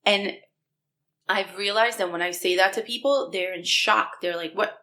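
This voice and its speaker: A woman co-hosting a podcast in casual chat, telling stories in an animated way and acting out what people said. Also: normal speed. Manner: animated storytelling, acts out quotes with big pitch jumps. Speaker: podcast co-host.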